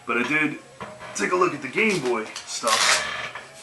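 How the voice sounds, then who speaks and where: Unhurried and full of vocal fry, a man's mid-range voice swings hugely in pitch as he tells yard-sale stories. He's a video game collecting vlogger in a laid-back, rambling storytelling mode, saying "you know" and "man" a lot. Faint music plays in an echoey room.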